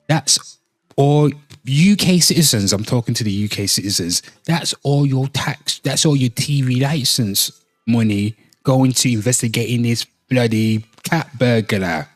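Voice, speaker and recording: A man's voice: on the low side, unhurried, no room sound. A man from Britain reading a news article aloud in a casual reaction video, breaking off with swearing asides and addressing viewers. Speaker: commentary host.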